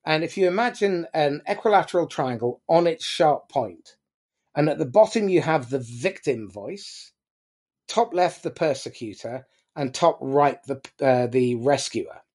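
A man giving a blunt, animated motivational talk to a business audience, swearing casually as he goes. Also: fairly high pitch, measured pace. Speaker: business speaker.

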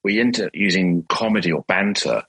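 A man's voice: deep voice, lively intonation, a little fast, gravelly, a bit bright, breathy edge, low-quality recording. A man hosting a podcast, asking questions and thoughtfully summing up his guest's points. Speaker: podcast host. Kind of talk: interview questions and reflection.

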